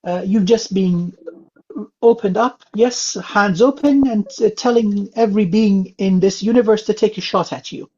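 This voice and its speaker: A man from England giving a calm spiritual reading, speaking gently with many filler sounds. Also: high-pitched, moderate pace, breathy edge. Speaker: spiritual reader. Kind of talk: psychic reading session. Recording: dull lo-fi sound.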